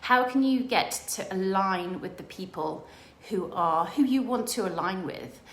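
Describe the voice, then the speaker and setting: A middle-aged woman speaks in a mid-range voice, talking fast and with enthusiasm as she coaches. She tells animated stories and jumps into excited quoted voices. The room around her is echoey. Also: mid-range voice. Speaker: business coach. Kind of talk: motivational monologue.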